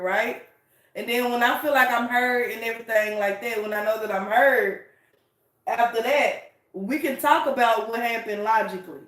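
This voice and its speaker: A woman's voice: on the high side, a bit bright. A woman co-hosting a casual talk show with her husband, speaking emphatically and teasing him. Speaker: podcast co-host, wife. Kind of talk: casual chat. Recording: echoey room, distant mic.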